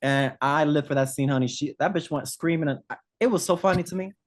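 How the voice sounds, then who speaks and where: A man's voice: on the high side, quick pace. A man co-hosting a casual group chat, campy and sassy, calling everyone honey. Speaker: podcast co-host.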